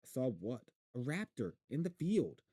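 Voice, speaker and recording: A man voicing an excited young boy urging others to stop the car. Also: medium pitch, slow, husky, no room sound, clean studio sound, voice pushed up, exaggerated voice. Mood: urgent. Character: excited boy shouting about a raptor.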